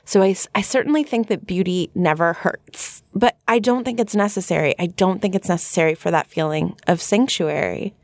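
A woman's voice: lowish voice, fairly quick, few pauses, a little mellow, no room sound, studio quality. A woman co-hosting a podcast, talking earnestly and reflectively in a casual discussion. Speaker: podcast co-host.

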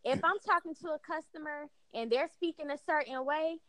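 A woman in casual group chat as a podcast co-host, talking in an animated, emphatic way with many fillers. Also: high voice, a little fast, no echo, low-quality recording.

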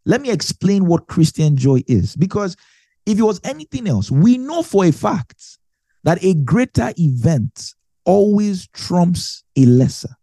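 A man's voice: sits high, very animated, a little slow, dark tone, dry recording. A man giving a conversational Bible teaching, explaining with everyday examples and repeating phrases for emphasis.

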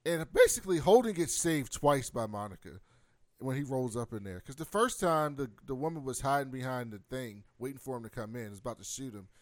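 A man's voice: mid-range voice, brisk, dry recording, clean studio sound. A man co-hosting a podcast, recapping a TV episode in casual chat and acting out lines from the scenes. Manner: animated storytelling, acts out quotes. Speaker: podcast co-host.

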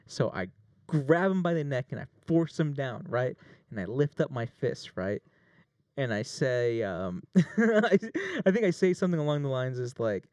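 A man's voice: fairly high pitch, no echo, clean studio sound. A man telling a long story with jokes and swearing, playing a plaintiff in a mock trial. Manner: animated, swearing, jokey. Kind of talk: casual mock courtroom storytelling.

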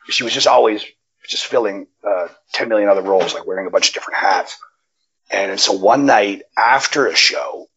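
Husky, animated man telling stories. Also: highs cut off. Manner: animated, profane storytelling with sudden jumps in pitch. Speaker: wrestling interview guest. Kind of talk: casual storytelling chat. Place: Nevada.

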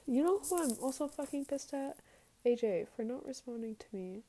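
A woman's voice: a little high, lively intonation, normal speed, warm tone, low-quality recording. A woman recording a casual, confessional podcast episode. She talks candidly and with plenty of swearing, reads her text messages aloud, and sometimes drops to a whisper.

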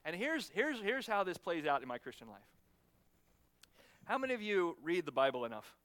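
A man's voice: high voice, moderate pace. A man in his thirties preaching a sermon in a conversational way, with frequent restarts and repeated "right?" checks. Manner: lively, laughs with the congregation.

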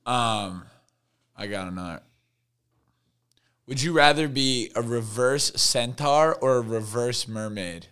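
A man's voice: mid-range voice, slow pace, pauses often, a bit bright, smooth. A young man guesting on a podcast in casual chat, slangy and swearing a lot, with many fillers.

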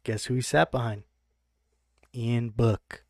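A brash man talking through his sports bets on a podcast, swearing freely and sure of every pick. His voice sits at an ordinary middle pitch. The sound is dry and close, with no room around it. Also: steady tone, takes it slowly, darkish tone, dry recording. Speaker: podcast co-host. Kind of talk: casual sports betting chat.

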